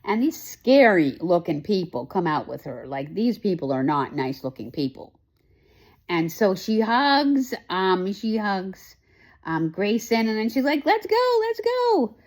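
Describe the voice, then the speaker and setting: A woman's voice: fairly low pitch, lively intonation, a little slow. A woman hosting a casual chat, recapping a TV show with lots of emotion, rambling with many fillers and restarts. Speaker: host.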